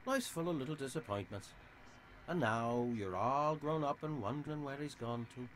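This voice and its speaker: An actor with an Irish accent playing a sly, theatrical middle-aged saloon owner in a video game. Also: male voice, medium pitch, moderate pace, fairly bright tone, slight background noise, lightly acted. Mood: smug. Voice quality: theatrical, smug and oily.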